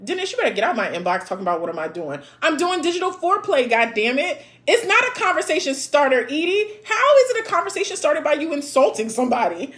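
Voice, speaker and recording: A woman's voice: high voice, big pitch swings, quick pace, few pauses, a bit bright. A woman in her thirties hosting a casual live chat, reading viewer comments aloud and answering in a blunt, sassy way, with frequent laughs and swearing.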